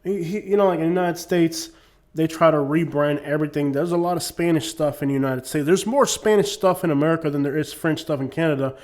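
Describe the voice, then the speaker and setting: Male YouTuber, pitch a touch high, casual rambling monologue full of fillers. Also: fast talker, a little mellow. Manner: rambling, many "you know what I'm saying" fillers.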